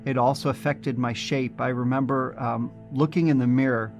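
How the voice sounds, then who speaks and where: A man's voice: medium pitch, steady tone, normal speed, a little mellow, soft background music. A middle-aged man from New Jersey telling his personal testimony in a reflective, earnest storytelling way. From New Jersey, USA. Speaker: speaker giving a personal testimony. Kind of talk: recorded testimony video narration.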